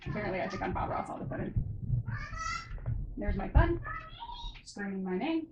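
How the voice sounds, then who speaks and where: A woman's voice: mid-range voice, lively intonation, normal speed, long pauses. Woman art tutor, rambly and self-deprecating, recorded by a camera mic in an echoey room. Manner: rambling and self-mocking, with many fillers. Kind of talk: casual painting tutorial. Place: room at home. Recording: roomy, dull recording with background noise.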